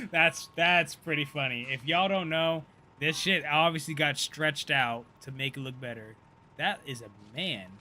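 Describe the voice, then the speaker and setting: A man in his thirties giving casual, profane live-stream commentary, chatty and quick to laugh. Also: a little high, animated, sharp tone. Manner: loose, profane, laughs often, chatty asides.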